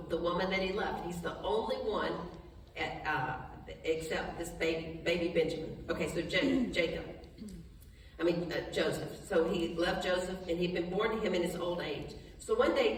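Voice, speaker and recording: A woman with a lowish voice leads a Bible study, reading scripture and pausing to explain it in plain, chatty language with restarts and brief laughs, turning soft and slow when she prays. She sounds distant in an echoey hall, with slight background noise.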